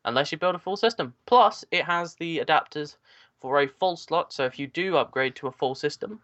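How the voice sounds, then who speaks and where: A man's voice: fairly high pitch, lively intonation, a little fast, fairly bright tone, dry recording. Rambling man with dull lo-fi sound. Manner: rambling, filler-heavy tech talk. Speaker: podcast co-host. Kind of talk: casual chat.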